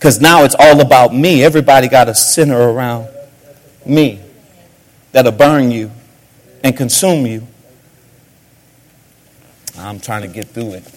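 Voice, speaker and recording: A man preaching a sermon as a pastor, swinging between sudden shouts and hushed asides. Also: mid-range voice, a little slow, pauses often.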